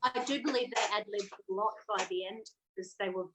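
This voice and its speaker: A woman's voice: mid-range voice, fairly quick, noisy background. A woman co-hosting a podcast, chatting casually and enthusiastically, rambling as she quotes scenes. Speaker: podcast co-host. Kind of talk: casual chat.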